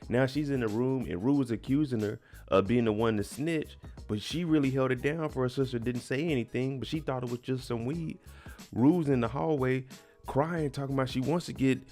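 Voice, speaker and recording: A man's voice: mid-range voice, fairly quick, a little mellow, faint music behind. A man casually recapping a TV episode, retelling it emphatically with slang. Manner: chatty, emphatic retelling with slang and little laughs. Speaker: TV recap host.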